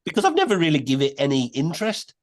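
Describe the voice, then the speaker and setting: A man, a podcast guest telling a story in a casual, animated way. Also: on the high side, quick pace. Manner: animated, many restarts and quoted voices.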